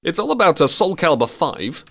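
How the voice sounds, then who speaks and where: Giggly young radio host. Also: male voice, on the high side, very animated, brisk, gravelly, music in the background. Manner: giggly, slipping into silly voices. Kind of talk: casual chat.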